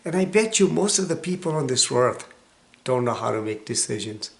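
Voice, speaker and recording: A man in his sixties with a cold-roughened, hoarse voice, giving an emphatic motivational self-help talk that sometimes drops to a hushed whisper. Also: medium pitch, lively intonation, moderate pace. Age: 60s. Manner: emphatic preaching, dropping to a hushed whisper for stress. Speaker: motivational vlogger.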